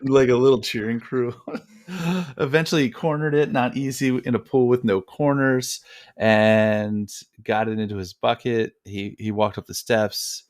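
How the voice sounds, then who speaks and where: A man's voice: lowish voice, steady tone, measured pace, no room sound, studio quality. A man co-hosting a podcast, reading listener mail aloud in a rambling, joking way with lots of fillers. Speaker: podcast co-host.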